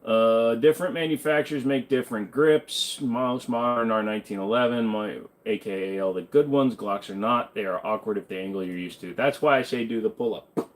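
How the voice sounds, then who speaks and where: Brisk and medium-pitched, this male host fields chat questions during a laid-back live Q&A stream. His talk wanders, and he curses without holding back.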